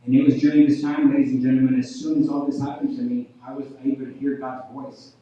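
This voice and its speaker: A man's voice: medium pitch, little pitch movement, fast talker. Preacher man in an echoey hall. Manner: repeats "ladies and gentlemen", uneven loudness. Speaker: guest preacher. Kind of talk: revival sermon testimony. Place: church hall. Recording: echoey hall, distant dull mic.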